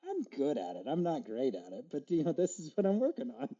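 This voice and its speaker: A man on a podcast talks in a reflective, halting way, stumbling over words and voicing his own thoughts aloud. His voice is very dark and mellow yet sits a little high. The recording sounds dull and muffled. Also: wildly swooping pitch. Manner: reflective, stammers and restarts, acts out inner dialogue. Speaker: podcast guest. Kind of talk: casual conversation.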